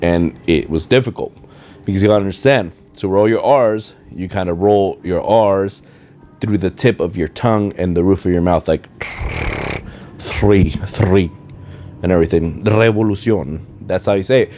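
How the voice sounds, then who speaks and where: A man hosts a podcast at home in loose, rambling chat, frequently forgetting where he was going. He talks briskly in a low, dark voice, his English tinged with a Spanish accent and rolled R's. Faint video game music and a dishwasher can be heard.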